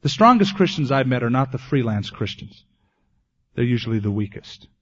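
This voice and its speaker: Male pastor, mid-pitched, earnest sermon delivery, lo-fi 1980s tape sound. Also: sing-song, normal speed, slightly rough. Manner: earnest preaching, ending in a quiet prayer.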